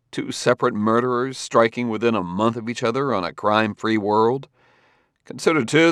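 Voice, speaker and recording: A man's voice: lowish voice, fairly bright tone, dry recording, studio quality. A male audiobook reader voicing a stern, tired middle-aged detective who reasons tersely. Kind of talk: audiobook character voice.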